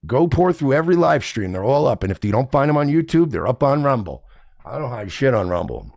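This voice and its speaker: A man's voice: medium pitch, big pitch swings, fairly quick, gravelly, a little mellow, dry recording, clean studio sound. A man hosting a podcast, ranting casually and indignantly with plenty of profanity. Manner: profane, indignant, mocks others in put-on voices. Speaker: podcast host. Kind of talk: casual rant to camera.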